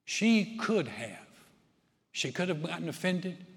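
Pastor, male, higher-pitched, dynamic sermon delivery, big church reverb. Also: very animated, takes it slowly, vocal fry. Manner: dynamic preaching, surges loud then drops soft. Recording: long hall reverb.

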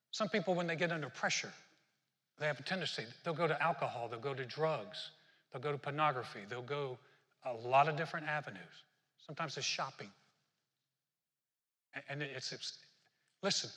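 A male pastor preaching with fervor, calling out to his listeners. His voice is bright and a little husky, and it rings with a long reverb through a big hall. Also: fairly high pitch. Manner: fervent, talks straight to the congregation. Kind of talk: sermon.

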